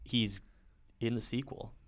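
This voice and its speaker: A man's voice: medium pitch, a little slow, fairly bright tone. A man co-hosting a podcast, arguing his side in a casual debate, confident and teasing. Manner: confident, teasing, laughs often.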